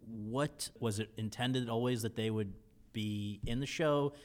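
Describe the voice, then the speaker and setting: A man hosting an interview, asking measured questions and giving brief affirmations. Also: mid-range voice. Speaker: interview host. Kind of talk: casual interview.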